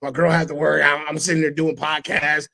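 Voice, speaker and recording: A man hosting a casual podcast, telling stories with animated delivery and sudden loud impressions. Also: a little high, fairly quick, creaky, rough recording. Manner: animated storytelling, breaks into loud shouted impressions. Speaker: podcast host.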